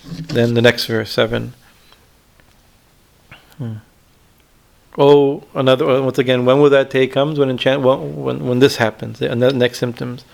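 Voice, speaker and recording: A man, a swami, teaching on a devotional hymn, with many restarts and frequent "right?" checks, reciting Sanskrit lines slowly. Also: medium pitch, steady tone, creaky. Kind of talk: spiritual discourse on a hymn.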